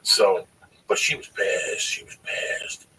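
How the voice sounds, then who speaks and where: A man around sixty telling a long personal story on a podcast, cursing freely and rambling with emphasis. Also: takes it slowly. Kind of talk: casual storytelling. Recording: distant mic, faint noise.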